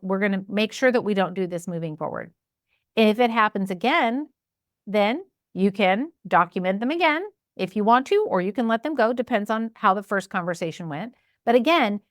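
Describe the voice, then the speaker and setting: A woman's voice: fairly high pitch, dry recording, studio quality. A woman business coach telling stories and giving advice in a casual way, acting out her own thoughts and what others said. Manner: animated, acts out her own inner voice and quotes.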